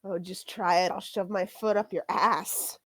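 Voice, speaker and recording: A woman's voice: mid-range voice, fairly even intonation, measured pace, no room sound, close to an everyday voice. A woman voicing a surly, defiant young woman who answers with cold taunts in a tabletop game.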